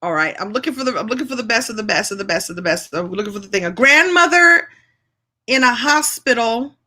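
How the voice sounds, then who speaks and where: A woman's voice: medium pitch, expressive, fast talker, bright, forceful tone. A woman from New York hosting a live session, chatting playfully and often laughing as she plays an improv game with viewers. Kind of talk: lively live-stream chat with an improv game.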